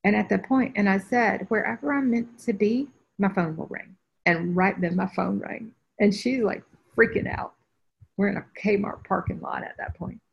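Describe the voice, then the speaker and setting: Through dull, lo-fi video call audio, a woman spiritual teacher shares a personal story with a group, acting out each voice she quotes in an animated way. Her voice is mid-range, gravelly, slightly rough, and at normal speed.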